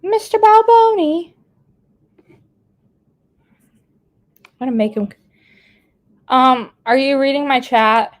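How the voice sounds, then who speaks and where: A woman's voice: high-pitched, fairly even intonation, slow, pauses often, a bit bright. A woman hosting a casual live stream, chatting and laughing as she reads out viewer comments. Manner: chatty, laughs often while reading comments aloud. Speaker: live streamer reading chat.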